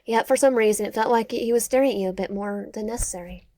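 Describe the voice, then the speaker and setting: A woman's voice: on the high side, fast talker, a little mellow, no room sound. Woman reading a dating game aloud, dry sound. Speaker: gamer.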